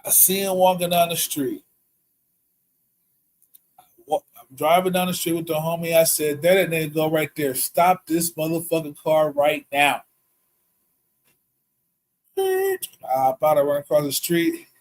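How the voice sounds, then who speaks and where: A man tells a story on a casual podcast, swearing freely and laughing as he goes. His voice sits a little high for a man. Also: measured pace, pauses often, slight background noise, low-quality recording. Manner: profane, animated, laughs often.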